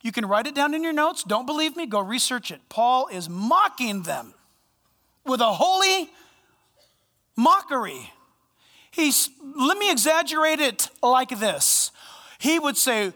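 A male pastor preaching a sermon, animated and playful, swinging between loud bursts and hushed asides. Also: very high-pitched, measured pace, big-room sound. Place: church sanctuary.

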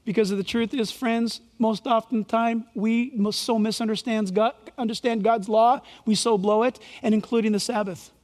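A man preaching a sermon in a church, animated and sarcastic, with fiery outbursts. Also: high-pitched, long reverb tail. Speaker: pastor. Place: church sanctuary.

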